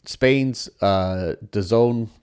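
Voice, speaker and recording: A man's voice: lowish voice, very slow, a little mellow, smooth. Rambling man hosting a podcast alone. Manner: rambling, many restarts and fillers. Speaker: podcast host. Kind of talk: solo podcast commentary.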